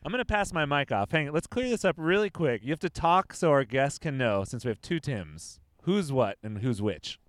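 Goofy male podcast host, lively voice. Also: on the high side, normal speed, few pauses, no echo. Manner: goofy, jokey. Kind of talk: casual chat.

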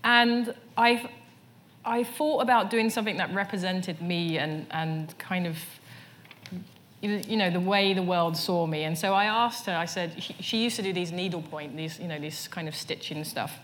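A woman's voice: lowish voice, moderate pace, a bit bright, slight background noise. Woman, casual onstage storytelling, frequent fillers and restarts, before a live audience. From England. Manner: storytelling, many "you know" fillers and restarts. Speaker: artist, interview guest.

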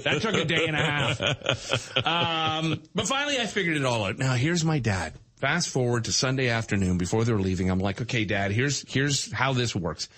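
A middle-aged man telling a story in casual chat, animated and acting out voices. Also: medium pitch, normal speed.

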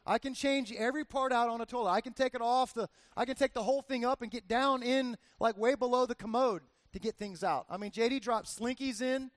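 A man's voice: very high voice, fairly quick, hardly any pauses, no room sound. A man in his forties giving a casual, conversational sermon as a pastor, telling personal stories with lots of "like" and "right?" asides.

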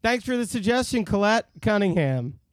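A man's voice: high-pitched, sing-song, moderate pace, dry recording. A man co-hosting a casual podcast, reading listener emails aloud and joking around. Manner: reads listener emails aloud, jokey, slips into silly voices. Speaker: podcast co-host.

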